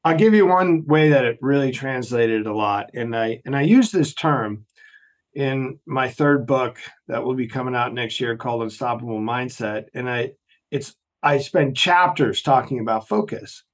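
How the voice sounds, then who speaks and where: A man's voice: medium pitch, normal speed. A man, a former Navy SEAL, telling a story as a podcast guest and acting out the people in it. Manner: animated storyteller, acts out quoted voices. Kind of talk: storytelling interview talk.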